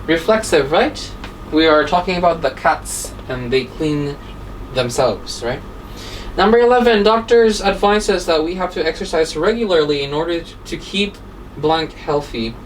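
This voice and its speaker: A woman teaching an English grammar lesson, explaining step by step and asking rhetorical questions. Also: sits low. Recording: distant mic with faint background noise.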